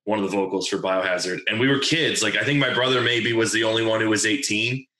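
A man's voice: fairly low pitch, quick pace, pushed and bright, reverberant, poor audio. A man in his twenties from New Jersey, telling a story in casual chat, rambling with lots of fillers and swearing. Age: 20s. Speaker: podcast guest telling a story.

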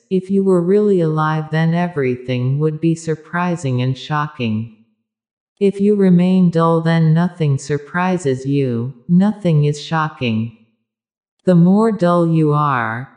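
A woman giving a measured spiritual discourse, speaking directly to her listeners. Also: sits low, darkish tone.

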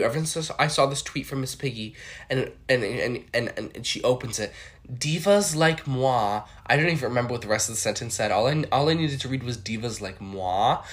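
A young adult host chatting solo in a campy, playful way. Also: male voice, medium pitch, a bit bright. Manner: chatty, campy, jumps into quick impressions. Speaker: podcast host. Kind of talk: casual solo chat with impressions.

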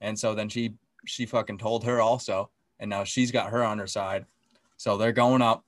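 A man co-hosting a podcast, excitedly recapping a TV episode in casual chat, swearing often and acting out the scenes. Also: on the low side, moderate pace, dry recording, studio quality. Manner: excitable, profane, acts out scenes. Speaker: podcast co-host.

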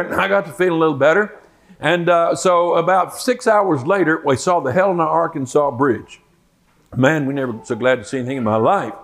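An older man, a Bible teacher, telling a folksy personal story in a sermon and acting out the quoted lines. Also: fairly high pitch.

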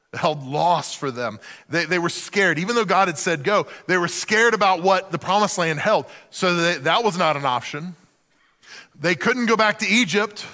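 A man preaching a sermon in an animated way, acting out the voices of the people in the story. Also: fairly high pitch, big-room sound. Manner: animated, acts out quoted voices. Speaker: pastor.

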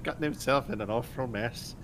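A man's voice: fairly quick, natural voice. A man voicing a fussy woman character who calls people dearie, in a tabletop game. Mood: amused fretting. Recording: steady rumble in background.

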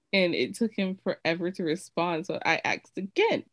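A woman's voice: on the low side, expressive, normal speed, few pauses, no echo. A woman co-hosting a podcast, telling frank stories in a rambling, casual way with lots of fillers. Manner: candid, rambling storytelling with many fillers. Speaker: podcast co-host. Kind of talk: casual chat.

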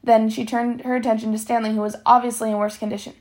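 A woman reading a novel aloud, steady, sometimes stumbling and correcting herself. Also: a little high, quick pace. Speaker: reader.

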